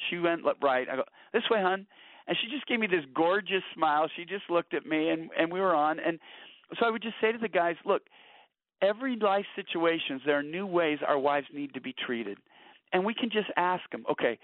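A man's voice: a little high, no room sound. Earnest man on tinny radio audio. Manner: earnest, anecdotal, repeats words at starts. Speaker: guest author on marriage. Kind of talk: conversational storytelling.

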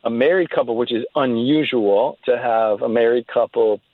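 A man telling a story casually, halting often with fillers and restarts. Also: medium pitch, fairly even intonation, no echo. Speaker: interview guest telling a story. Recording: tinny phone-line sound, dry.

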